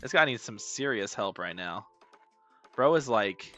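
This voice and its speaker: 明るい声でふざけて話す男性配信者. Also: male voice, fairly low pitch, animated, a little slow, fairly bright tone, soft background music. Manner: joking, rambling, with slang. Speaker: streamer. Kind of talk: casual gameplay commentary.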